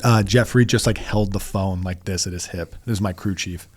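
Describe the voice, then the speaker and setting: Male guest, lower voice, halting and rambling storyteller, dry studio. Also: fairly even intonation, slightly rough, no room sound. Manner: rambling, halting, with many restarts and fillers. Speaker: podcast guest. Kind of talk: casual storytelling interview.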